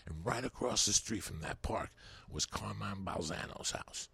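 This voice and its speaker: A man's voice: on the low side, moderate pace, gravelly, husky, no echo. A man telling rambling, profane stories as a comedian guest on a podcast. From New York. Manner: animated, swearing, rambling.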